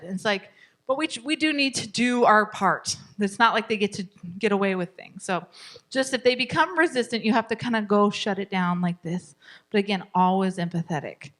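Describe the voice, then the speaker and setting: Bright, animated woman teaching a class. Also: medium pitch, a little fast. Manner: animated, laughs often, acts out child and parent lines. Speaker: parenting class instructor.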